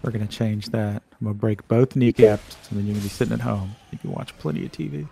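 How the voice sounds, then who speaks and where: A man's voice: fairly low pitch, fast talker, gravelly, mellow, slight background noise. A man teasing and joking playfully while playing a co-op game on stream. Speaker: co-op gamer on stream. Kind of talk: casual gaming banter.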